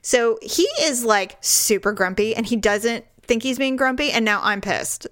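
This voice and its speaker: A middle-aged woman co-hosts a podcast in relaxed, animated chat. Her voice sits a little high, and she laughs often while acting out the voices in her stories. The recording is close and dry, with no room sound. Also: moderate pace, no echo. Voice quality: lively, laughs often, acts out quoted voices. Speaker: podcast co-host. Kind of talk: casual chat, animated storytelling.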